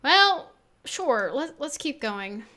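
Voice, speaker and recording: Youngish-sounding woman cringing at her old video, bit high, lots of restarts, desk mic. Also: big pitch swings, sharp tone. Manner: self-deprecating, halting, many restarts. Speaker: video creator and game developer. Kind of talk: casual reaction commentary. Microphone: Blue Yeti on an arm.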